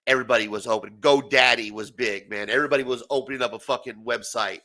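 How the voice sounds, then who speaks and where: A man's voice: medium pitch, fast talker. A man in his forties hosting a comics talk show, ranting casually with lots of swearing and laughter. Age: 40s. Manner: profane, animated, laughs often. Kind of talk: casual late-night rant.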